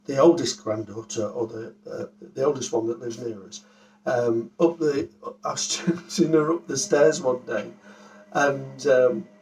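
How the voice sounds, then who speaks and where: Older granddad rambling through a story, set back from the mic. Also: male voice, measured pace, darkish tone, far from the mic, a little hiss or hum, low-quality recording. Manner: rambling storyteller, hesitant fillers, breaks into high-pitched impressions. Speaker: grandfather telling stories. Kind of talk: casual anecdote telling.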